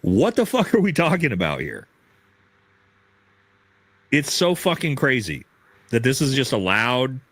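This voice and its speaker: An incredulous man rants through his commentary, swearing freely as his pitch swings up and down. His voice is close and dry, with no room sound around it. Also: very animated, unhurried, long pauses, fairly bright tone, slightly rough, no echo. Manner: profane, incredulous ranting. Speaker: political commentator. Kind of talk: commentary on a clip.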